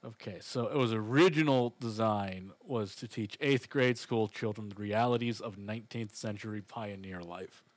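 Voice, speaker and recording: A man co-hosts a relaxed podcast conversation. He speaks in a dry, measured way with a faintly skeptical edge. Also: lowish voice. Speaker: podcast co-host. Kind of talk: casual chat.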